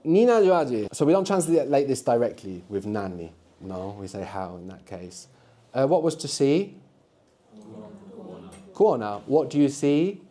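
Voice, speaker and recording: Mellow-voiced male language teacher. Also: medium pitch, big pitch swings, unhurried. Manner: patient, prompting students with questions. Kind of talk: live classroom language workshop. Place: lecture room at a university.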